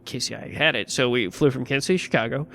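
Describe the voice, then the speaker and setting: A man's voice: mid-range voice, very fast, a bit bright, slight background noise. A man chatting casually on a podcast, telling a story with animation and acting out the people in it.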